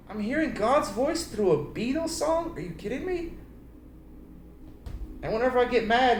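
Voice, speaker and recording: A man's voice: sits high, normal speed. A man giving a preachy personal talk about love and marriage, telling stories animatedly and acting out voices. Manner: animated storytelling, acts out voices and sings snippets. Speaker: Christian speaker. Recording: roomy echo, faint background noise.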